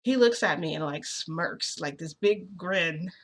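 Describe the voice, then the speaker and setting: A woman's voice: on the low side, animated, measured pace. A young woman vlogger telling a story in a rambling way, full of fillers and restarts. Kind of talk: storytime narration.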